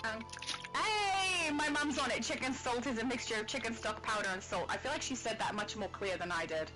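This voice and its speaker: A woman's voice: a little high, lively intonation, brisk, rough recording. An Australian woman rambling and laughing as she chats with viewers while streaming a game. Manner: rambling, chatty, laughs often. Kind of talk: casual live-stream chat while gaming. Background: game music.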